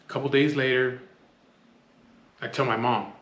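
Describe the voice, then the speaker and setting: A man's voice: mid-range voice, flat delivery, normal speed, a bit bright, dull audio. Blunt, profane man telling stories. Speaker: storyteller. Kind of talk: casual storytelling. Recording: echoey room, faint noise.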